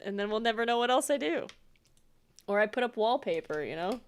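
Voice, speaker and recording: A woman's voice: a little high, animated, a little fast, smooth. A woman streamer chatting casually with her viewers while she plays, rambling and laughing often. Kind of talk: casual gameplay chat.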